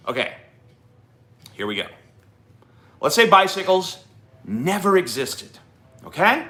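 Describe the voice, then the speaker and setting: A man's voice: fairly high pitch, very animated, takes it slowly, long pauses, pushed and bright. A man hosting a livestream, ranting profanely and combatively at his chat. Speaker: livestream host.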